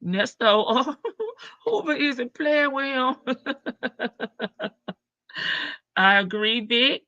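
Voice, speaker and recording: A woman's voice: fairly high pitch, very slow, bright, forceful tone, dry recording, dull audio. Chatty woman livestreaming. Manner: chatty, laughing, greets viewers by name, slangy. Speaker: livestream host. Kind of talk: casual livestream chat reading viewer comments.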